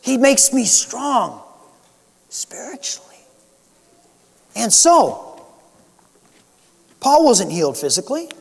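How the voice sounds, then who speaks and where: A man preaching a sermon as pastor, earnest, swinging between raised emphasis and soft, quiet points. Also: extremely high pitch, big pitch swings, slow, gravelly, long pauses, husky. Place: church sanctuary. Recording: long church hall reverb.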